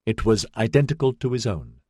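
A man narrating an audiobook in a steady, even storytelling manner. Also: lowish voice, brisk, breathy edge, no echo, studio quality.

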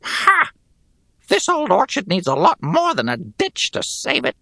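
A shrill, grating goblin captain. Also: male voice, wildly swooping pitch, measured pace, pushed and bright, dry recording, studio quality, exaggerated voice. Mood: sneering, barking. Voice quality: high and grating, rasping. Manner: barking, mocking. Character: shrill, sneering male goblin soldier leader. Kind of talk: audiobook character voice.

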